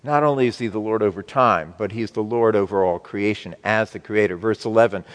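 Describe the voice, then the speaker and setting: A man preaching a sermon to his congregation, slow and emphatic, with wide swings between loud and soft. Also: fairly low pitch, in a large hall. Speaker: pastor.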